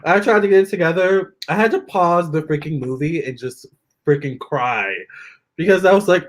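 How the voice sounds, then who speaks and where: A young man chatting casually with viewers during a live stream, expressive and talking straight to his audience. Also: fairly high pitch, normal speed. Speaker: live-stream tarot reader.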